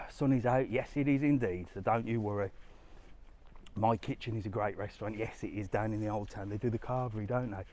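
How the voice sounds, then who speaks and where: A man's voice: on the low side, brisk, darkish tone. Chatty man vlogging on a walk. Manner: chatty, talks to viewers while walking. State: out of breath from climbing stairs. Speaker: travel vlogger. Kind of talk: live walking vlog. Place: outdoors on a hillside walk.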